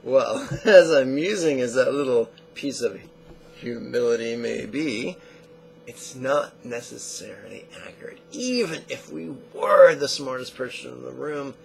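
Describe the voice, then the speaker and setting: A man teaching a meditation lesson in a slow, measured way, often repeating short phrases. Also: mid-range voice, gravelly, a little hiss or hum, rough recording.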